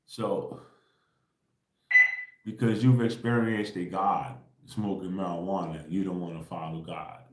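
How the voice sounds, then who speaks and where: A man's voice: deep voice, steady tone, a little slow, darkish tone, echoey room. A man hosting a livestream, talking in a slangy, insistent way and tagging most points with a question. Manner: insistent, repetitive, keeps asking "right?"; slangy, profane, laughs between points. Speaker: livestream host. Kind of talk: casual spiritual rant.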